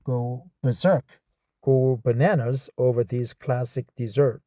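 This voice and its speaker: A man from South Korea, whose first language is Korean, practicing an English script aloud with a Korean accent, slowly repeating words and phrases and correcting himself mid-word. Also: medium pitch, steady tone, warm tone, no room sound, studio quality. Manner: slow, repeats words and phrases over and over to drill them. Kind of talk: reading practice with self-commentary.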